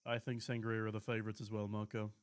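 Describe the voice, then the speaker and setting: A man's voice: on the low side, monotone, fast. A man casting a live esports match alone, calling the action and chatting with viewers in between. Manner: chatty, eating while casting, reads chat aloud, rises to shouting at big plays. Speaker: esports caster. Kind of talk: solo live esports commentary with chat replies. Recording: streamed with clear background noise.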